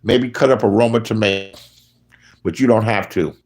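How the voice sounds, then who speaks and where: A man speaking in a profane, casual commentary rant, his voice jumping loud and high when he mocks people. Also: normal speed. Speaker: online commentator.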